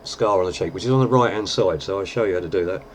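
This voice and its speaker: A deep-voiced man, chatting casually through a makeup tutorial with plenty of fillers. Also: fast talker, a little hiss or hum. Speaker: lookalike performer giving a tutorial.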